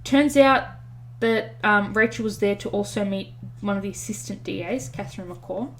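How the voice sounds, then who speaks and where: Woman, podcast co-host, casual storytelling, chatty, fillers and restarts, mid-pitched voice. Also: fairly even intonation, normal speed, slight background noise. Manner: chatty retelling with many fillers and self-corrections.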